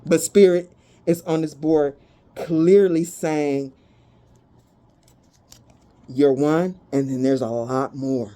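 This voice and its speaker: Brief: woman tarot reader with a lower, warm voice; blunt, swears freely, animated delivery. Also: takes it slowly, pauses often. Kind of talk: casual spoken tarot reading.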